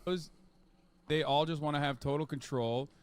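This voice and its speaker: A man's voice: fairly high pitch, steady tone, normal speed, clear, resonant tone. A man streaming, reading viewer comments aloud in casual commentary and laughing along. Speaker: streamer in played clip.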